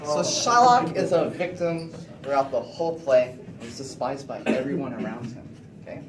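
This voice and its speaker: A teenage boy giving an animated class presentation, often checking in with the class with "okay?". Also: medium pitch, moderate pace. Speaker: student presenter. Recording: echoey room, distant mic, noisy.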